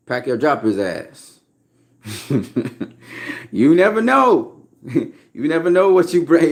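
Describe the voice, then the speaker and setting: Blunt, emphatic man talking boxing. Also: fairly high pitch. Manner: emphatic, repetitive, blunt and profane. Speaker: boxing trainer. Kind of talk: casual opinion talk on boxing.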